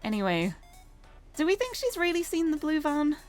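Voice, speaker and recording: A woman's voice: sits high, huge pitch swings, moderate pace, faint music behind. A British woman streamer reading a visual novel aloud, chatty and laughing often.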